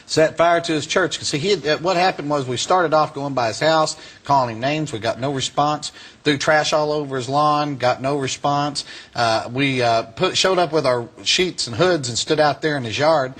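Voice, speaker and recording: A man, a guest in an interview who tells a lively story and often laughs. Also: fairly high pitch, normal speed. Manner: laughing, lively anecdote telling. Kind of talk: animated storytelling.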